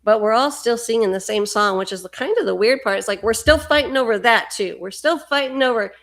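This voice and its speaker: Woman, middle-aged, gravelly, fervent, rambling, spiritual livestream talk. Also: fairly high pitch, a little fast, fairly bright tone. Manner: fervent, rambling, repeats words. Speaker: livestream host. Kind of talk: impassioned spiritual livestream monologue.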